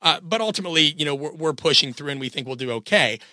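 A man's voice: a little high, animated, fast, sharp tone, no echo, studio quality. A man in his thirties, sick with a cold, hosting a solo podcast and coaching his listeners in an earnest, direct way.

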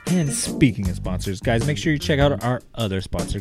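A man's voice: medium pitch, expressive, fairly quick, over music. A man co-hosting a podcast, reading a sponsor spot and chatting casually, loose and profane, often saying "guys". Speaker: podcast co-host. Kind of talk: casual podcast chat with ad read.

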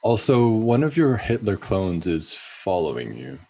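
A man's voice: deep voice, very animated, measured pace, warm tone, slightly rough, heavily acted. A man playing a blustering president who gives in to his wife. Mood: stern. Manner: blustering, then caving. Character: blustering male president, henpecked husband. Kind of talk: comedy sketch acting.

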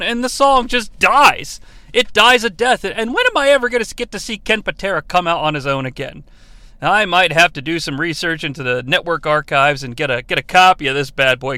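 High bright-sounding dude doing a sweary wrestling recap podcast, sarcastic rambling, dry close mic. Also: male voice, no room sound. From New York. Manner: profane, sarcastic, bursts into loud impressions. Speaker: podcast host.

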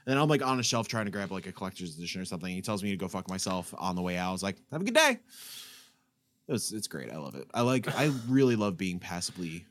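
A man telling stories in a relaxed, dry way, cursing freely. His voice sits a bit low. His delivery stays easygoing. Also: racing, few pauses. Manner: laid-back, sweary, dry. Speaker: podcast co-host, former game store worker. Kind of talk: casual chat, storytelling.

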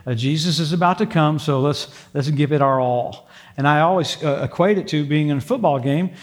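Older guy preaching in a church, folksy and jokey, fairly high voice, lots of praise god and amen. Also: brisk. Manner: folksy, humorous storytelling with frequent praise interjections. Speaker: pastor. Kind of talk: sermon with prayer. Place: church sanctuary before a congregation.

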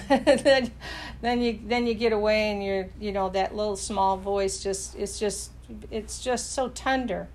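A woman's voice: mid-range voice, unhurried, darkish tone, slight background noise. A woman preaching in a casual, earnest way, talking conversationally with frequent restarts.

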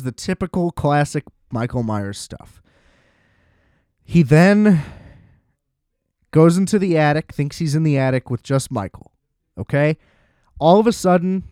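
A young man casually recapping a horror film, animated and sarcastic, swearing and laughing as he goes. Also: a little high, no echo, studio quality. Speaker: movie reviewer.

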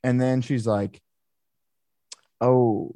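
A man co-hosting a casual podcast, telling a story with animated, exasperated swearing. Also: mid-range voice, normal speed, dry recording. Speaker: podcast co-host. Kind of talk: casual chat.

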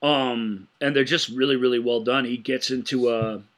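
Male podcast co-host, bright tone, eager and excitable, trips over his words when excited. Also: mid-range voice, moderate pace. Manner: enthusiastic, animated retelling with frequent stammered restarts. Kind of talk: casual film-discussion podcast chat.

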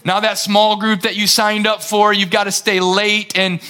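A male pastor delivers a lively, conversational sermon, retelling scripture scenes with dramatic flair. His voice sits high for a man and rings bright and forceful. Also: normal speed.

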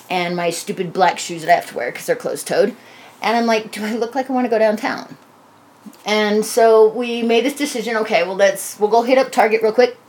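A woman's voice: mid-range voice, a little mellow, a little hiss or hum. A woman telling a casual personal story, rambling and swearing freely, acting out quoted dialogue as she goes.

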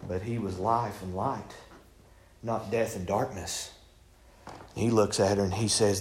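A man preaching a sermon in a folksy storytelling manner, acting out voices and building to shouts. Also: on the low side, steady tone, a little slow, pauses often, slight background noise.

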